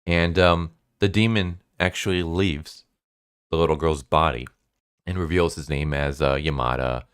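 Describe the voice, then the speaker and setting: Casting: man with a very deep voice, rambling casual recap, dry close sound. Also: steady tone, unhurried, clean tone, no room sound. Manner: rambling, many fillers like "like". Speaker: manga reviewer.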